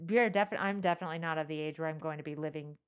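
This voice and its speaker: A woman co-hosting a casual chat, wry and quick to laugh, swearing now and then. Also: low voice, smooth.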